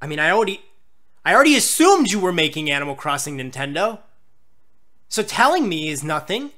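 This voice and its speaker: A young man doing live reaction commentary on a game trailer, excitable and yelling in mock outrage. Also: fairly high pitch, fairly quick. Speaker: gaming YouTuber reacting to a trailer.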